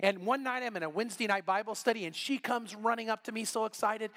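A middle-aged man preaching a sermon, telling a story with lively voiced quotes. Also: high-pitched, fast, few pauses. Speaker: pastor.

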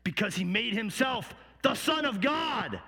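Brief: male performer doing a raging crowd, shouted chants. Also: very high voice, very animated, unhurried, gravelly, slightly rough, big-room sound, full character voice. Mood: furious. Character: angry mob crying for execution.

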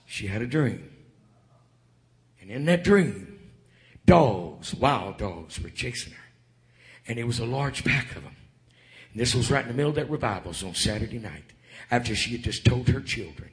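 A man preaching a revival sermon in church, building up to shouted calls to the congregation. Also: medium pitch, sing-song, normal speed, long pauses.

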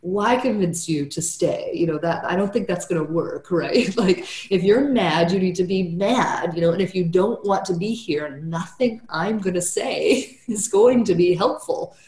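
A woman's voice: fairly low pitch, normal speed, few pauses, darkish tone, roomy sound. A woman therapist telling a client story in casual podcast talk, tagging nearly every sentence with "right?" and "you know".

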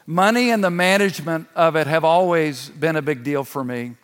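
A man's voice: on the high side, normal speed. A man in his sixties, a church elder, giving a sermon as an earnest personal testimony with touches of laughter. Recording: long hall reverb.

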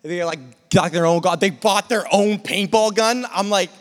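A man telling a lively personal story in a sermon, sometimes imitating gunfire and shouting. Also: high voice, unhurried. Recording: long reverb of a hall.

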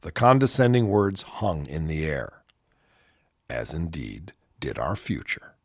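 A man's voice: very deep voice, very animated, a little slow. A man reading passages from a book aloud and breaking off into sarcastic, mocking asides.

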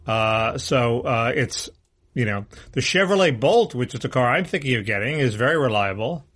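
A man co-hosts a casual political podcast in a mid-range, fairly bright voice. He talks bluntly and expressively at a normal speed, often restarting his sentences.

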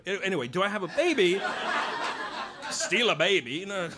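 A man's voice: sits high, sing-song, moderate pace, very noisy. A man telling a wry, self-mocking personal story on stage. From Britain.

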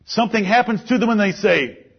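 Emphatic preacher with a husky voice. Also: male voice, expressive, a little fast. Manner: emphatic, rising to loud peaks then dropping low. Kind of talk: sermon. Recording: muffled lo-fi recording.

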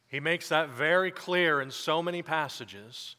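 Halting, emphatic pastor in a reverberant church. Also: male voice, fairly high pitch, pushed and bright. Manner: halting with many fillers, then emphatic preaching. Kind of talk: sermon with announcements. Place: church sanctuary.

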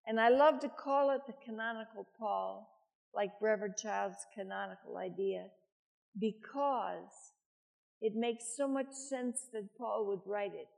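A woman's voice: medium pitch, a little slow, gravelly, a little mellow. An older woman preaching a sermon, chatty, with self-deprecating asides.

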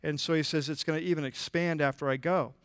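A man preaching a sermon in a church with a higher-than-usual voice. He talks conversationally, stumbling over restarts and filler words. The sound is close and dry. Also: fairly even intonation, quick pace, smooth, no echo. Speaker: pastor.

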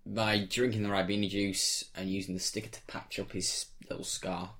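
A man's voice: fairly low pitch, little pitch movement, normal speed, a bit bright. A man, a quiz contestant who hesitates and trails off in casual chat. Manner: hesitant, trails off mid-sentence.

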